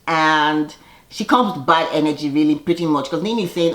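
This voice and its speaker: A woman's voice: deep voice, fairly quick, fairly bright tone, echoey room. A woman casually recapping a reality TV episode, chatty and sassy, laughing often and acting out quoted lines.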